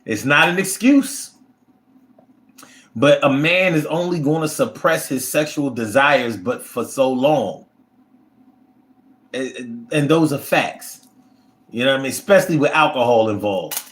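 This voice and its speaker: A man's voice: medium pitch, measured pace, long pauses, fairly bright tone. A man hosting a casual livestream who reads viewer comments and talks in a blunt, profane, rambling way. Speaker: livestream host reading chat.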